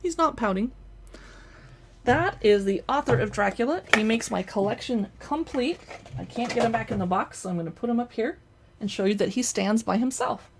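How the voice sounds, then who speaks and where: A chatty, playful woman shows off books and collectibles, talking while she handles each item in a casual show-and-tell chat. She speaks at a moderate pace in a slightly high voice, set up indoors at home in front of a backdrop, with background noise audible.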